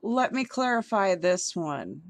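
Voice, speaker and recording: Woman vlogger, indignant, slow deliberate delivery, dry close sound, trips over words. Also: medium pitch, big pitch swings, vocal fry, no echo. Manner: heated, stumbling over words. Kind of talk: indignant commentary reading an article aloud.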